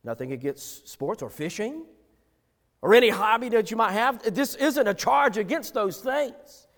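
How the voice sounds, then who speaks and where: High-voiced preacher in a reverberant hall. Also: male voice, lively intonation, measured pace, fairly bright tone. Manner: emphatic preaching, repeats phrases for stress. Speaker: pastor. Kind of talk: sermon.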